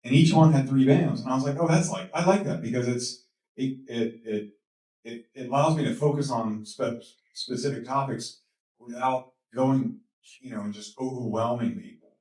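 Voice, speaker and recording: A man as a guest speaker at a talk, telling a story with lots of energy, laughing and repeating words as he gets excited. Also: mid-range voice, moderate pace. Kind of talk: animated storytelling in a Q&A. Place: lecture hall. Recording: echoey hall, mic from a distance.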